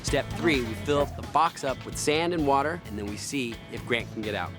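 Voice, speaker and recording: A man's voice: medium pitch, lively intonation, moderate pace. A man talking casually on location, practical and explaining a plan step by step. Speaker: show team member. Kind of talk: casual on-location planning talk. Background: background music.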